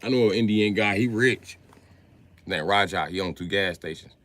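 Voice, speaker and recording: A man telling stand-up stories on a livestream, profane and animated with sudden loud jumps. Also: on the low side, normal speed. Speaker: comedian on a livestream. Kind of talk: stand-up storytelling.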